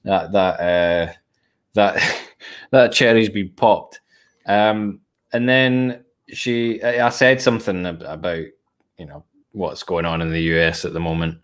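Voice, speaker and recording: A man's voice: low-pitched, steady tone, measured pace. A man chatting casually in a rambling way, full of filler words and the odd swear. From Scotland. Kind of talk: casual conversation.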